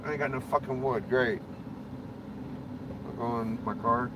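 A man's voice: medium pitch, fairly even intonation, a little slow. A man ranting and chatting casually on a stream, profane, rambling and blunt. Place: inside a car. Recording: clear road and engine noise.

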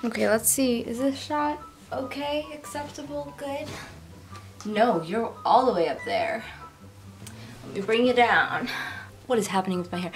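Young female vlogger, bright higher register, laughs at herself, light music bed. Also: lively intonation, moderate pace, pauses often. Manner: chatty, giggly, self-mocking. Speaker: YouTuber. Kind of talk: casual vlog bloopers.

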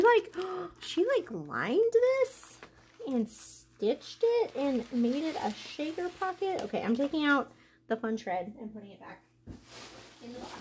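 Woman, vlog host, craft unboxing, gushing, emotional, slightly high voice. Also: a little hiss or hum. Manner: gushing, excitable, lots of "like". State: emotional, out of breath.

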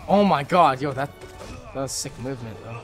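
A young man commentating while playing a video game, excitable and swearing, swinging between low mutters and loud outbursts. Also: fairly quick, faint music behind. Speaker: gaming video creator. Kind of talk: let's play commentary.

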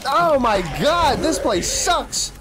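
High-voiced excitable gamer man swearing. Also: takes it slowly, background noise. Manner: excitable, swearing, trash-talking the game; sudden yelps and shouts. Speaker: gaming channel host. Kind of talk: gameplay commentary.

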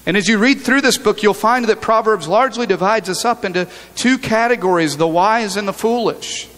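A pastor with a high, fairly bright voice preaches at a moderate pace in a large church sanctuary. His sermon is earnest and conversational, and he often restarts his sentences.

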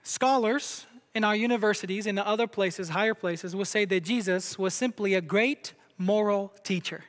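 Man from brazil preaching in a church, pretty high voice, lots of hall echo. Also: normal speed, few pauses. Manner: emphatic preaching, asks the crowd questions. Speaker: pastor. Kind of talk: sermon. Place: church sanctuary. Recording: long hall reverb.

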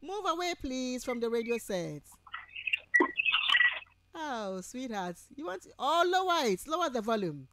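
Lively, slow-paced woman lecturer. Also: high-pitched, background noise. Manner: affectionate, calls listeners sweetheart and my dear; patient, repeats points slowly. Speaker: university lecturer. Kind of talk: radio lecture with call-ins.

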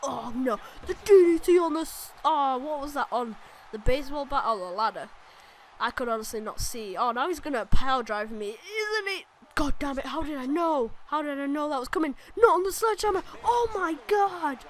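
A woman with a high voice gives let's-play commentary on a wrestling game. She is excitable, groaning and shouting at each move and swearing at her opponent. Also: moderate pace, slight background noise. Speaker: gaming channel host.

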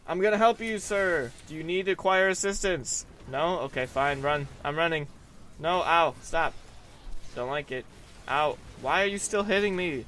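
A young man giving goofy, self-mocking commentary while he plays a video game and answers viewer questions, often breaking into high yelps. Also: normal speed, a bit bright, soft background music. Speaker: gaming vlogger. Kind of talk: gameplay commentary with Q&A.

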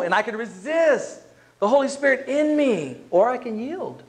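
High-voiced male pastor preaching. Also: big pitch swings, moderate pace. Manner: conversational, acts out quoted voices. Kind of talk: sermon. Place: church.

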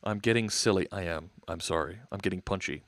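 A man's voice: low voice, fairly quick, fairly bright tone, dry recording. A man hosting a live coding stream, thinking aloud as he works and chatting with viewers. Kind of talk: casual live coding narration.

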